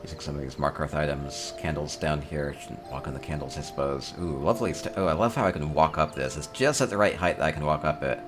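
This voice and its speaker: A man's voice: very deep voice, quick pace, hardly any pauses, over music. A man hosting a casual tour of player homes in a game, chatting upbeat and thinking aloud with small chuckles. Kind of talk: casual gameplay commentary.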